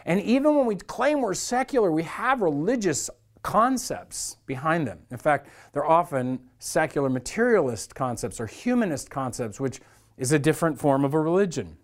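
A man's voice: a little high, big pitch swings, normal speed. A man preaching a sermon as a church pastor, talking to the congregation in an earnest, conversational way.

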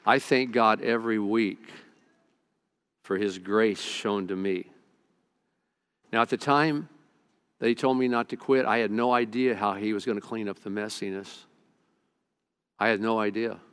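A man's voice: lowish voice, steady tone, unhurried, pauses often, a bit bright, clean tone. A middle-aged male pastor preaching a sermon, telling a personal story earnestly, with frequent stammered restarts.

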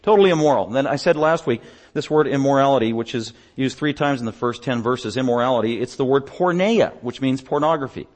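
A man preaching a sermon as pastor, emphatic, building up in pitch and volume on repeated lists. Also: fairly quick.

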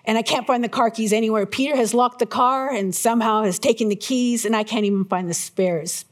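A middle-aged woman preaching a sermon to her church, telling a personal story with lively, acted-out moments. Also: fairly high pitch, a little fast. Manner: animated storyteller, acts out her own panic in shouts. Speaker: pastor.

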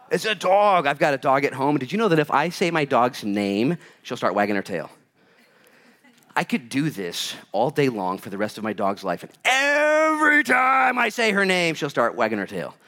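Male pastor mid-sermon, mid-pitched voice, emphatic, from loud and urgent to hushed, live church audience. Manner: emphatic, swings between loud urgent bursts and hushed quiet lines.

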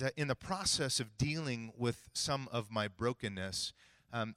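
A middle-aged male pastor preaching a sermon, telling a personal story and acting out both sides of a conversation with big swings in pitch and volume. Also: no room sound. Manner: animated, acts out dialogue with big jumps in pitch and volume.

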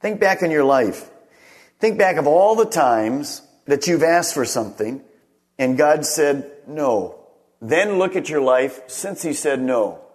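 A middle-aged man preaching a sermon in a fairly high voice. He delivers it emphatically, pushing some phrases up and letting others drop to near a hush. He often turns to ask his listeners questions directly. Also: lively intonation, slow. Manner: emphatic preaching, swinging between raised and hushed phrases; asks the congregation questions directly. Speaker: pastor.

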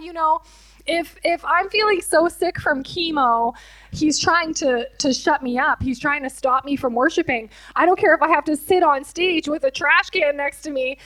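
Casual: woman worship leader talking emotionally at church, kinda high voice, lots of likes and ums. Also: a bit bright, poor audio. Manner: earnest, emotional, many fillers. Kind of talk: personal testimony in church interview.

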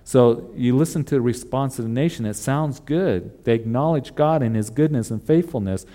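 A man's voice: mid-range voice, moderate pace, warm tone. A male pastor preaching a sermon in an earnest way, repeating emphatic refrains.

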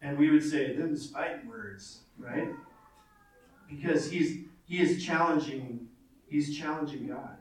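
A man's voice: a little high, slow pace. A man preaching a sermon in earnest, reading scripture aloud and repeating phrases for weight. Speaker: pastor. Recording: very echoey, from far off.

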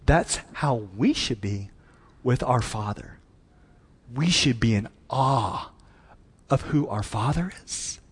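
A man's voice: medium pitch, breathy edge, big-room sound. A man preaching a sermon as pastor, earnest and emphatic, often repeating words.

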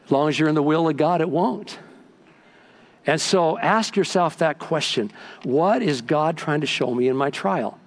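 Animated older man preaching a sermon. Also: a little high, moderate pace. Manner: animated storytelling preacher, swings from loud to hushed. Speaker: pastor. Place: church sanctuary.

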